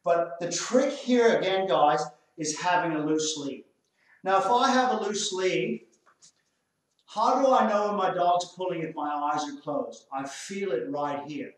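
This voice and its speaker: A man's voice: high-pitched, measured pace. An Australian man, a dog trainer, explains a drill while giving firm short commands to dogs. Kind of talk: hands-on training demonstration. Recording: very echoey, far from the mic.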